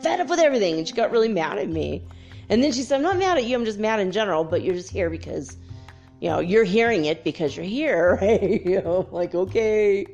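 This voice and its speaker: A woman in her fifties hosting a casual spiritual chat show, telling stories in a chatty, animated way and laughing often. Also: medium pitch. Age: 50s. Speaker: host.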